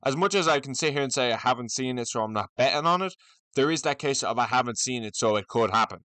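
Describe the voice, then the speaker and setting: A man's voice: mid-range voice, fast talker, sharp tone, no echo. A young man, hosting casual solo commentary on fighting matchups, rambling, swearing and repeating himself. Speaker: MMA commentary channel host.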